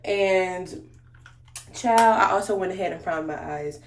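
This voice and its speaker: A woman's voice: fairly low pitch, unhurried, a little hiss or hum. A woman beauty vlogger telling a story in casual, slangy chat while she does her makeup, talking straight to her viewers. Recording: roomy echo.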